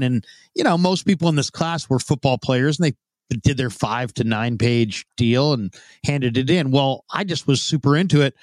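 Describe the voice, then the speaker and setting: A man's voice: medium pitch, moderate pace, dry recording. Rambling man in his fifties telling a story. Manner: rambling, with frequent restarts and fillers. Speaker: guest, former football scout turned radio host. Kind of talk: storytelling in an interview.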